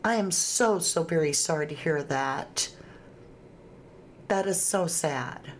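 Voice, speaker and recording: A woman's voice: low-pitched, animated, takes it slowly, slight background noise. A woman hosting a casual livestream, chatting and reading viewer comments aloud with frequent laughs. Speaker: true crime livestream host.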